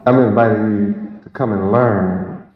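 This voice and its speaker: A man's voice: on the low side, fairly even intonation, measured pace, a little hiss or hum. Emphatic preacher man in an echoing hall. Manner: emphatic, repetitive, rhetorical questions. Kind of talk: sermon. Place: large hall with congregation. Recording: echoey hall, lo-fi, crowd.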